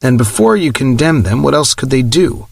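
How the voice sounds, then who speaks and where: A man's voice: mid-range voice, expressive, moderate pace, gravelly, slightly rough. A man voicing a firm, practical male official arguing his case in an audiobook.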